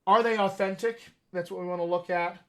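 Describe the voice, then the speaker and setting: A chatty male dialect coach hosting a live online Q&A. His voice sits a little high for a man, and he talks in an animated way, laughing often as he answers questions. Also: fairly quick. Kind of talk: casual live-stream chat.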